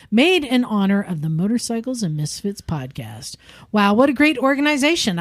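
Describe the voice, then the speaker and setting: A woman's voice: mid-range voice, no echo. A woman co-hosting a podcast, reading a listener's email aloud in an upbeat, amused way. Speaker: podcast co-host.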